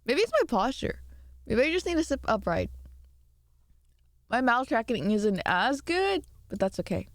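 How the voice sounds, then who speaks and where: A woman's voice: fairly high pitch, sing-song, unhurried, pauses often, no room sound, clean studio sound. A tired woman streamer chatting casually and rambling, laughing as she answers her chat. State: tired from little sleep. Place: home room.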